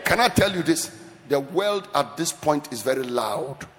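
A man preaching a sermon as pastor, swelling into shouts and sing-song cadences. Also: on the high side, expressive, measured pace. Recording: reverberant church hall with faint music.

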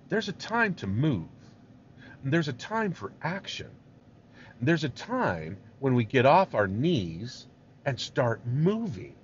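A man preaching a conversational, verse-by-verse sermon, acting out the figures along the way, in a dull lo-fi recording. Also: medium pitch. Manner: animated, conversational, acts out voices. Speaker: pastor. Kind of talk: expository sermon. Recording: dull lo-fi recording with faint hiss.

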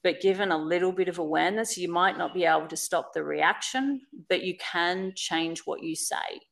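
Low, gravelly-voiced woman, earnest. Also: moderate pace, a bit bright. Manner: earnest, emphatic, repeats phrases for stress. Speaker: podcast guest. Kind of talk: candid reflective podcast talk.

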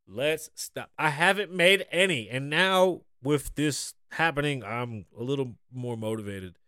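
A man's voice: medium pitch, measured pace, pushed and bright, no room sound. A man hosting a podcast in casual chat, loose and profane, rambling through stories, his voice strained from a pulled vocal cord and a sinus infection. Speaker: podcast host.

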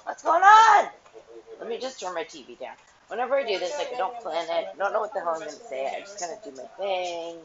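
A woman's voice: lowish voice, fast, muffled recording, crowd noise. Rambling, gossipy woman host. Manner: rambling and gossipy, with lively swings. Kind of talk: casual unscripted chat. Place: at home with the TV on.

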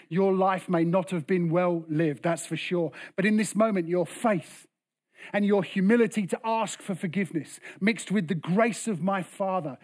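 Man, pastor, high voice, impassioned sermon, loud then hushed. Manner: impassioned preaching, swings from loud bursts to hushed lines.

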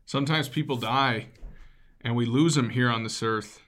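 A man's voice: medium pitch, moderate pace, fairly bright tone. A man preaching a sermon as a pastor, in a casual, conversational way with asides to his listeners.

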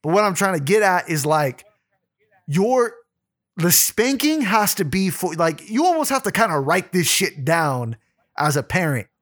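Higher-voiced man rambling in casual chat. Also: big pitch swings, measured pace, a bit bright. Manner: rambling, profane storytelling with frequent restarts. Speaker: podcast co-host.

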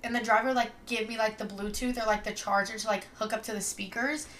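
Give me a young woman from Louisiana co-hosting a casual podcast, bright and rambling. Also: on the high side, steady tone, a little fast, a little hiss or hum. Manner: rambling with many fillers, swearing. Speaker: podcast co-host. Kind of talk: casual chat.

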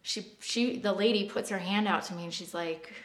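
A woman's voice: medium pitch, moderate pace. A woman co-hosting a podcast, telling a personal story in a rambling, casual way full of fillers. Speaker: podcast co-host. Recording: echoey room.

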